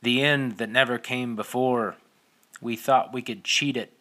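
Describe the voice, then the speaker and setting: A man voicing a wild old male prophet who declaims slowly and loudly with fervent certainty. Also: medium pitch, steady tone. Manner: loud, slow, declaiming.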